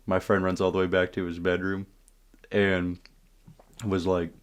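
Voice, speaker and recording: A man with a very low voice tells a story time tale in a loose, casual way. He swears freely, acts out the moments with energy and breaks off to speak to his viewers. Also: measured pace, clean tone. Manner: profane, animated retelling with asides to viewers.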